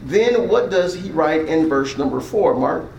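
A man preaching an interactive sermon, his voice pitched high for a man. He keeps asking the room questions and drawing answers back. The sound rings in a reverberant hall with a faint hiss behind it. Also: animated, measured pace, vocal fry, darkish tone, lo-fi sound. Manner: call-and-response, asks the room questions. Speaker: pastor. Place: church hall.

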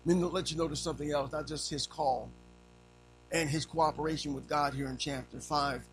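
A man preaching a sermon to fathers and families, swinging from low, quiet lines to raised cries. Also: steady tone, fairly quick, noisy background. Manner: preaching with sweeping pitch swings, rising to cries. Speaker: pastor.

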